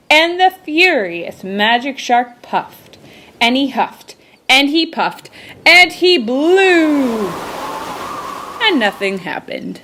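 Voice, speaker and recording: A woman reading a children's storybook aloud with slow, emphatic, expressive delivery. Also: a little high.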